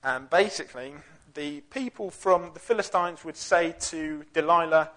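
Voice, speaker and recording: A man's voice: fairly high pitch, normal speed, hardly any pauses, a bit bright. A young man giving a casual, jokey Bible talk full of fillers and slang. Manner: chatty, jokey, with lots of fillers. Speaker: youth Bible teacher.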